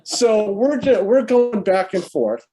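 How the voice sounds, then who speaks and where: Guy on a video call telling a story about his brother, rambly, lots of ums, slightly high voice. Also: big pitch swings, slow pace, dark tone. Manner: rambling, many fillers and restarts. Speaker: brother of the deceased.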